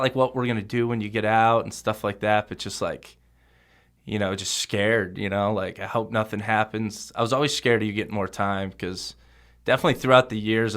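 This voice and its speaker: A young man speaks as a podcast guest in a fairly low voice. He tells his memories haltingly, and his sentences are padded with casual fillers. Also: a bit bright. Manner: halting, heavy with fillers like "you know" and "bro". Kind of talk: conversational podcast interview.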